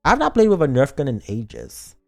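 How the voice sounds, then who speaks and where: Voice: mid-range voice, huge pitch swings, moderate pace, creaky, faint music behind. Playful streamer reading a story game. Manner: playful, joking asides. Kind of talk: reading a visual novel aloud on stream.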